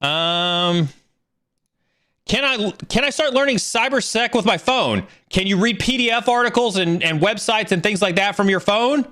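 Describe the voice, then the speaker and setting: A man's voice: high voice, normal speed. A middle-aged man hosting a casual livestream Q&A, answering career questions and telling stories with lots of fillers and restarts. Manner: animated storyteller, fillers and restarts.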